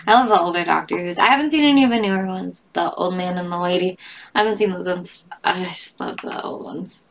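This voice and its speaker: A woman's voice: on the low side, normal speed, vocal fry. A woman casually reading memes aloud and chatting about them, giggling often and joking at her own expense. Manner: giggly, laughs often between comments; self-deprecating, chatty asides. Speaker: meme reader.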